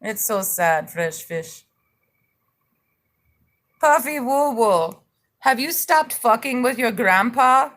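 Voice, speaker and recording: Woman streamer, mocking and taunting, slow delivery, sings bits between jabs. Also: a little high, expressive, fairly bright tone. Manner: mocking, taunting, breaks into sung snippets. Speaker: livestream host. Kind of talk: livestream chat reading viewer comments.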